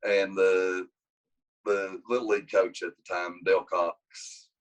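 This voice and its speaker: A man's voice: sits low, measured pace, low-quality recording. A man, a wrestling coach telling a long story in an interview, rambling and restarting his sentences. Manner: rambling with many restarts, lively when acting out quotes.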